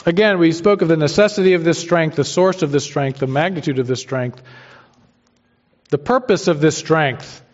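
A man's voice: fairly high pitch, normal speed. A man preaching a sermon as pastor, emphatic and using homely everyday analogies. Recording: dull lo-fi sermon recording.

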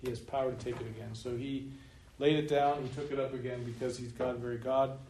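A male pastor giving a sermon emphatically, slowing down to stress key points and chuckling at his own remarks. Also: medium pitch, darkish tone. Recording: roomy room echo, faint noise.

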